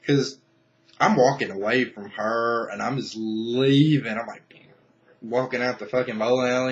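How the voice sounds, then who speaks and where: A man's voice: medium pitch, steady tone, normal speed, lo-fi sound. Angry, swearing young man ranting. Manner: angry, profane, rambling with restarts. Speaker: vlogger. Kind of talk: casual rant to camera.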